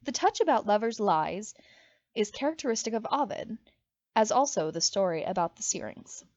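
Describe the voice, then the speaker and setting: A woman reading a mythology book aloud in an expressive, dramatic way. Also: mid-range voice, moderate pace, dry recording. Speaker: audiobook reader. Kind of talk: storybook read-aloud narration. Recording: dry, slightly muffled home recording.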